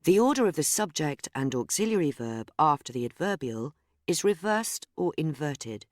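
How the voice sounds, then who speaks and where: Lively, dry-sounding grammar lesson narrator. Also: mid-range voice, no echo. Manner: measured, explanatory, reads example sentences aloud. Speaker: course narrator.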